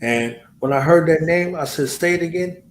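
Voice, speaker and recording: A man hosting a loose late-night chat, spinning animated, profane stories and acting out every voice he quotes. His voice sits at an ordinary pitch and rings around a roomy space. A faint background hum runs under it. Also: moderate pace. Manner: profane, boastful. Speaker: host. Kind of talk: casual chat.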